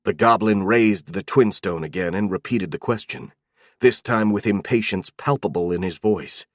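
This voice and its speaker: A man reading a fantasy audiobook in a steady, even storytelling voice. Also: fairly low pitch, normal speed, dry recording, studio quality. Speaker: audiobook narrator. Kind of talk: scripted fantasy narration.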